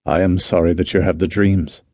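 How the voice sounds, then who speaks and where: A man doing a soft-spoken tender husband. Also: sits low, flat delivery, normal speed, dry recording. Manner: soft, gentle, soothing. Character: tender protective young husband, calm.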